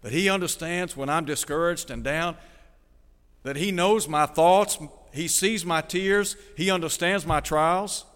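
Man, preacher, earnest radio sermon, fairly high voice, long hall echo. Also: unhurried, fairly bright tone, clear, resonant tone. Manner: earnest, asks the listener direct questions, reads scripture aloud.

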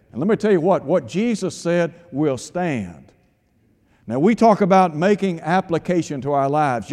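A man's voice: on the high side, a little mellow, in a large hall. A man preaching a sermon, emphatic and insistent, firing rhetorical questions at his listeners.

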